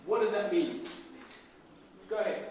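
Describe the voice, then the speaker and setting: A man from the Caribbean leading a lively class discussion, firing questions at pupils and repeating their answers back. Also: high-pitched, unhurried, background noise. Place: large echoey classroom. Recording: echoey room from far off.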